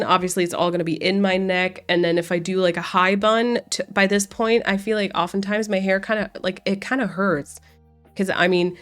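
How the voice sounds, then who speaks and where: A woman streamer sounding stuffed-up and nasal from a cold as she chats casually with viewers. She rambles, restarting her sentences as she goes, her pitch sitting in an ordinary middle range. Soft music plays faintly behind her. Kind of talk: casual livestream chat with viewers. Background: faint background music.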